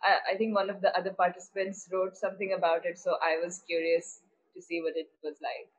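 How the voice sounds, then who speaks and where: A woman's voice: fairly low pitch, level tone, a little fast, highs cut off. A woman chatting casually as a workshop participant on a video call, friendly and a little hesitant.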